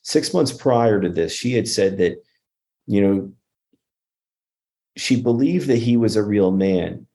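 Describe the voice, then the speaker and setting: Guest, male, low mellow voice, earnest storyteller who restarts a lot. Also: lively intonation, takes it slowly, pauses often. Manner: earnest, restarts often, acts out quoted speech. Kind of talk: conversational storytelling.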